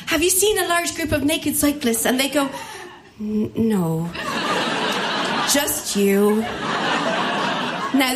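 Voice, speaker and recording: An Irish woman telling a comic personal story live, animated and self-mocking, acting out the voices of the people in it. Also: a little high, noisy background. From Ireland.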